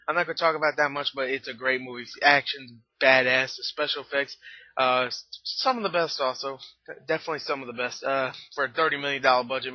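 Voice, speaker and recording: A man's voice: mid-range voice, dry recording. A young man casually ranking his favorite movies, rambling with lots of fillers and the odd swear word. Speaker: movie reviewer. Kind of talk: casual top-movies countdown vlog. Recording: dull lo-fi sound, dry.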